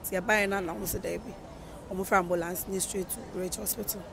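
Ghanaian interviewee, halting and soft, mid pitch, traffic noise behind. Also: fairly even intonation, vocal fry. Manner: halting, soft-spoken, mixing in English terms. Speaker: family member of the deceased, interviewee. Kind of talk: recounting events to a reporter. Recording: outdoor street noise with passing vehicles.

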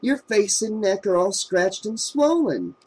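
A man voicing a kindly older woman neighbor who speaks softly to comfort someone. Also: sits high, big pitch swings, measured pace, slightly rough, pitched above the performer's own voice, full character voice. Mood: soothing. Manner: soft and comforting.

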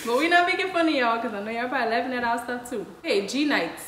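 Young New Orleans woman, higher voice, casual slang chat, echoey room, faint hiss. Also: animated, fast, a bit bright. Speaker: co-host.

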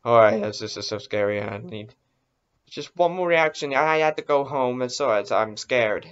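A man's voice: medium pitch, expressive, normal speed, clear, resonant tone. A man hosting a casual reaction video, easily startled and exclaiming, talking himself into being brave. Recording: dull lo-fi recording.

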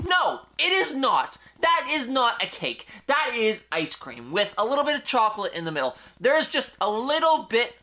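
A young man hosting a casual question-and-answer vlog, energetic, playful and opinionated. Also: very high voice, normal speed, hardly any pauses, faint music behind. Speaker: YouTube host.

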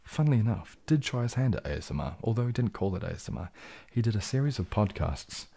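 A man hosting a relaxed, jokey live stream, reading out and answering viewer comments, a little tipsy from champagne and sometimes dropping into a whisper. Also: fairly low pitch, fast talker, gravelly, husky. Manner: laid-back and jokey, drifting into soft whispers. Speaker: ASMR channel host.

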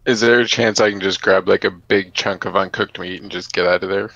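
A man's voice: low voice, fairly even intonation, brisk, vocal fry, fairly bright tone, dry recording. A man playing a tabletop game, talking casually and plainly. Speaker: player. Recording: dull lo-fi mic.

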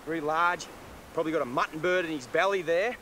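A man with an Australian accent presenting wildlife outdoors, excitable and full of quick exclamations. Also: fairly high pitch. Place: outdoors in the bush. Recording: noisy outdoor field recording.

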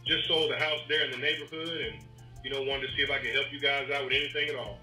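A man's voice: mid-range voice, steady tone, fast talker, faint music behind. A man working as a realtor, making a friendly, easygoing cold call on a recorded phone line. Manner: friendly, easygoing, salesman-casual. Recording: bright, echoey call recording.

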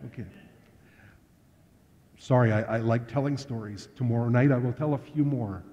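A man's voice: mid-range voice, normal speed. Man preaching in a reverberant hall. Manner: conversational, anecdotal storyteller. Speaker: pastor. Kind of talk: storytelling sermon. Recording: dull lo-fi sound with long hall reverb.

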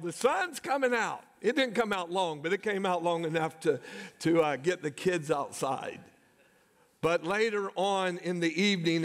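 A middle-aged man, a pastor preaching a sermon, telling personal stories and calling out to the congregation. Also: fairly high pitch. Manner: storytelling, calls "come on, somebody". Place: church sanctuary. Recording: long hall reverb.

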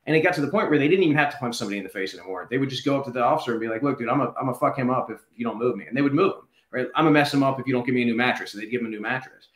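A man's voice: mid-range voice, very fast, hardly any pauses, fairly bright tone. A man who is a former prisoner, guest in a conversational interview, arguing in an articulate, reasoned way. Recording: roomy echo.

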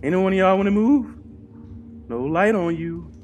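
A young adult gaming channel host giving horror gameplay commentary, talking to themself, muttering low and then bursting into panicked yelling and swearing. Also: lively intonation, normal speed, heavy background noise.

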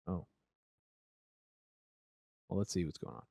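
A man's voice: slow pace, mellow, dry recording, studio quality. A man co-hosting a casual podcast, teasing his friend and swearing often. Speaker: podcast co-host. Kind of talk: casual drunk podcast chat.

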